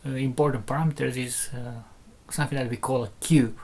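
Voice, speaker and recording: A man's voice: mid-range voice, fairly even intonation, brisk, darkish tone. Hesitant man explaining speaker tech. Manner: hesitant, many fillers and restarts, explains step by step. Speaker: loudspeaker maker demonstrating a driver. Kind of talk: casual technical demonstration.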